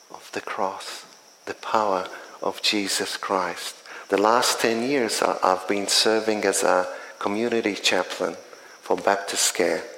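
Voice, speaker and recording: Slow, earnest chaplain. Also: male voice, fairly low pitch, sharp tone, slight background noise. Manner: earnest, measured storytelling. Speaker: community chaplain. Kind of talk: spoken testimony. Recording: echoey hall with faint ambience.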